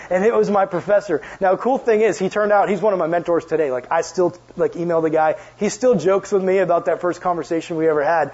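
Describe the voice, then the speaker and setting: Young man, youth sermon, casual storytelling, husky, muffled lo-fi sound. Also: sits high, fairly even intonation, quick pace, few pauses, a little mellow. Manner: casual, chatty, jokey asides to the audience. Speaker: youth pastor. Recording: dull lo-fi sound.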